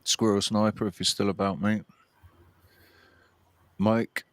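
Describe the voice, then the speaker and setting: A man's voice: fairly low pitch, little pitch movement, slow, dry recording. A man hosting a casual livestream, chatting and greeting viewers by name. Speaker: livestream host. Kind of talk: casual chat.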